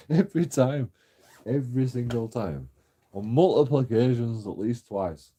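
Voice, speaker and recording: Bloke ranting, sweary and laughing a lot, low mellow tone. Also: male voice, very animated, unhurried, slightly rough. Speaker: vlogger. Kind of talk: casual ranting monologue.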